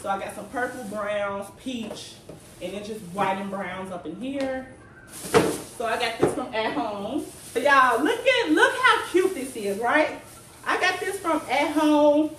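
Indoors at home, a woman with a high, bright voice and a forceful tone chats casually through a haul vlog, showing off home decor finds and calling her viewers "y'all." The mic sits at a distance in an echoey room, and the recording is noisy.

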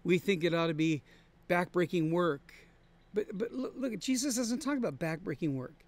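A pastor leading a Bible study, preaching in an earnest, conversational way and repeating key words for emphasis. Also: male voice, sits high, expressive, normal speed. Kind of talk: sermon-style Bible study. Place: traveling, on the road.

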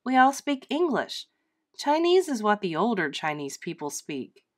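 A stubborn eight-year-old girl complains her way through a classroom play. A woman reading aloud voices her, lifting her voice a little higher and making it sound whiny and insistent. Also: very animated, a little slow. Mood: protesting.

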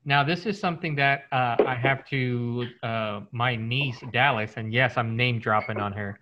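A man's voice: mid-range voice, unhurried, muffled recording, very noisy. A man hosting a podcast, chatting and joking loosely while tasting whiskey, with many fillers and restarts. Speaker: podcast host. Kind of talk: casual chat over whiskey tasting.

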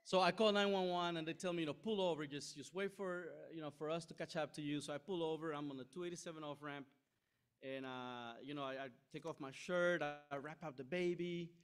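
A middle-aged man preaching a sermon, telling a story with lively asides and frequent "right?" checks to the room. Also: on the high side, fairly quick, clean tone. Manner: animated, self-deprecating anecdote with frequent "right?" asides. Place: church sanctuary.

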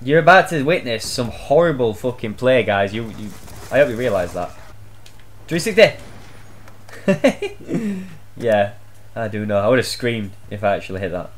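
A young man giving loud, swear-filled live commentary on his own gameplay, shouting out reactions as he plays. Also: medium pitch. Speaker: gaming channel host.

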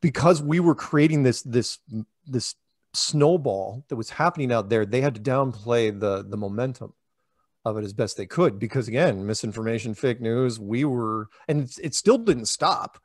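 A man telling stories in an interview, rambling and animated, often acting out conversations and losing his thread. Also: medium pitch, moderate pace, dry recording, studio quality. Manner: animated, rambling, acts out quoted dialogue. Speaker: interviewee, flat earth public speaker. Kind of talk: casual storytelling interview.

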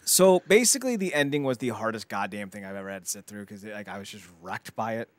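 Animated man retelling a film on a dry mic. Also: lowish voice, quick pace, no echo. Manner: animated storyteller, mocking voices for quoted characters, frequent repeated words. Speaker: podcast co-host. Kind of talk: casual podcast chat.

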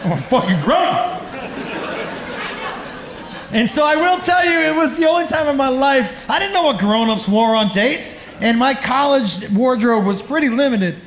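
A man's voice: very high voice, big pitch swings, moderate pace, roomy sound, crowd noise, noisy background. A man telling a crude, self-mocking stand-up story on a comedy club stage.

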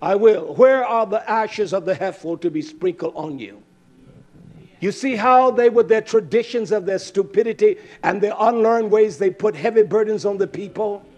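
A man preaching a fiery scripture sermon, confrontational, firing rhetorical questions and swinging between loud outbursts and low muttering. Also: moderate pace, dull audio.

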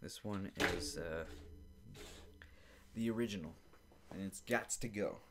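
A man's voice: sits low, unhurried, heavy background noise. A young man hosting a podcast from his basement, rambling and swearing through an irritated casual rant. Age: young adult. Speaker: podcast host. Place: home basement.

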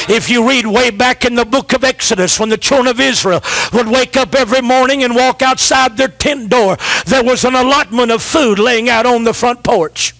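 A man preaching with a very high voice that climbs into shouts on repeated lines, then drops to low, quick asides. He is a middle-aged pastor leading call and response. The sound is close and dry, with no room around it. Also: no room sound. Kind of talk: sermon.

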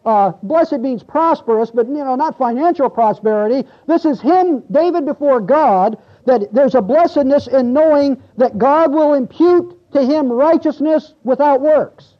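High-voiced preacher in a dull lo-fi recording. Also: male voice, unhurried, hardly any pauses. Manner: conversational, asks the congregation questions, reads scripture aloud. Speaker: pastor. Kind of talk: expository sermon. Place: church.

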